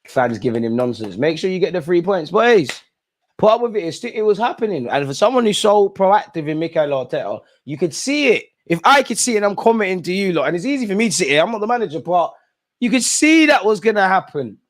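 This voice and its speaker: Hosting a live football watch-along, a young man reacts to the match with exasperation, speaking straight at the players and the referee. His voice is high-pitched with big pitch swings, and he talks fast.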